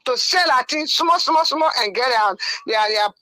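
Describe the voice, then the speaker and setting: A woman's voice: high voice, lively intonation, moderate pace, sharp tone, dry recording, rough recording. A woman caller, talking passionately and at length on a radio call-in line.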